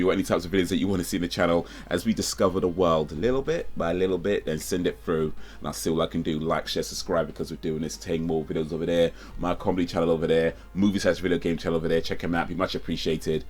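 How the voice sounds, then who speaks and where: A man hosting a reaction video, chatting casually and chuckling as he rambles about the clip. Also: low-pitched. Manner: laid-back, chuckling, rambling.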